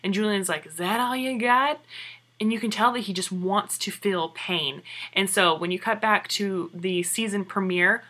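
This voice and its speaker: A woman giving a chatty, excited recap of a TV episode and asking her viewers questions. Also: medium pitch, moderate pace.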